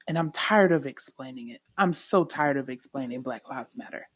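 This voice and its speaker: A woman's voice: rumbling low, moderate pace, hardly any pauses, husky, no room sound, clean studio sound. A woman hosting a faith-based podcast, talking emphatically and telling stories with animation. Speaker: podcast host.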